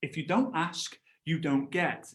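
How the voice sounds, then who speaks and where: Man, thirties, motivational trainer, high voice, roomy echo. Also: measured pace. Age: 30s. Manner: storytelling, acts out voices, shouts and laughs. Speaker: network marketing trainer. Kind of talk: animated motivational training talk.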